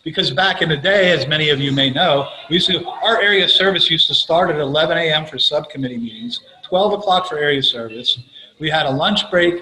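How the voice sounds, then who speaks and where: A man's voice: a little high, pushed and bright, low-quality recording. An older man from Florida sharing his recovery story, profane and blunt, laughing at himself as he tells it. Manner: profane, blunt, self-mocking, laughs while telling stories. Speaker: recovery meeting speaker.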